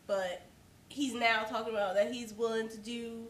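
A woman's voice: fairly high pitch, fairly even intonation, moderate pace, a bit bright. Blunt married woman telling her story. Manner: blunt, candid, profane storytelling. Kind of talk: casual chat. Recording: echoey room, mic at a distance, faint noise.

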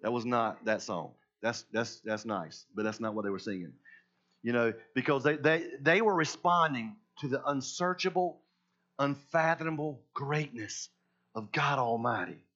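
A pastor preaching a sermon in an emphatic way, swinging between hushed and loud. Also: male voice, medium pitch, moderate pace, muffled recording.

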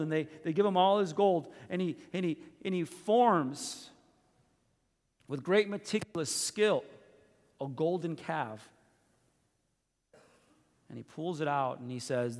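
A man preaching a sermon, telling the story with lively voices, swinging from loud bursts to hushed, intimate asides. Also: fairly high pitch, measured pace. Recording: reverberant hall with faint music.

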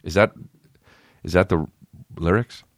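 A man hosting a podcast, telling stories in a rambling, swearing, comedic way and breaking into high, silly voices. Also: unhurried, creaky, dry recording, clean studio sound. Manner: swearing, rambling, jumps into high-pitched impressions. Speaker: podcast host. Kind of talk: casual comedic rambling monologue.

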